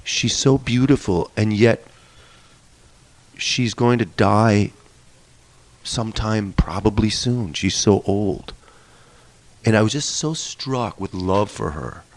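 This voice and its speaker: A man's voice: on the low side, takes it slowly, long pauses. A middle-aged man telling a personal story in a wry, candid way, swearing now and then for emphasis. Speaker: musician and storyteller.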